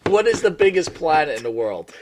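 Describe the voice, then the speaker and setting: A man hosts a wrestling talk broadcast in a slightly high voice. He is effusive with his guests, gushing and steering the loose conversation along. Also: big pitch swings, fairly quick, a little hiss or hum. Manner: warm, effusive toward guests. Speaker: host of a wrestling talk show. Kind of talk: casual talk-show hosting.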